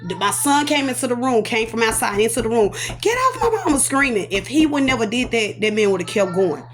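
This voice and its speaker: A woman giving an animated, emotional personal testimony, acting out sound effects and repeating phrases for emphasis. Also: on the high side, fast talker. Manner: animated, dramatic storyteller voicing sound effects and repetitions; casual, talks aside to her children. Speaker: survivor telling her own story.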